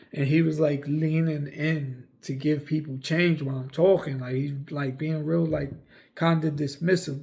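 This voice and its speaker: Young man, gravelly slightly high voice, rambling casual vlog storyteller with fillers and curses. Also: darkish tone. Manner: rambling, frequent fillers, cursing. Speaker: vlogger.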